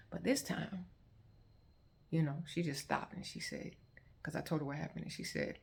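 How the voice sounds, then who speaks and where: A woman tells her personal testimony. Her voice sits low with a gravelly, fry-edged texture. She talks conversationally and gets animated when she quotes other people. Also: moderate pace, long pauses. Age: 30s. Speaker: testimony vlogger.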